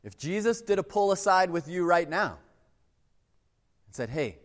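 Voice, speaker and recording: A man's voice: high-pitched, lively intonation, moderate pace. A man preaching a sermon as a pastor, talking in a conversational way and acting out quoted voices. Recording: long hall reverb.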